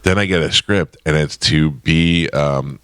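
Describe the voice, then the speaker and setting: A man's voice: extremely low pitch, a little slow, fairly bright tone, clear, resonant tone, no echo, studio quality. A man hosting a radio talk show, chatty and loose, laughing easily with his guest. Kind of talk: casual chat. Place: radio studio.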